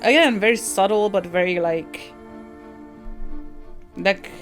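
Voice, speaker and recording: A woman's voice: medium pitch, slow pace, soft background music. A woman game streamer casually reviewing a game she just finished, thinking aloud with many fillers and restarts.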